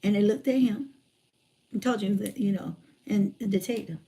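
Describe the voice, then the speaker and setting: A woman in her forties telling a personal story in a lively, colloquial way, repeating phrases for emphasis. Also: mid-range voice, normal speed. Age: 40s. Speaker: motivational speaker.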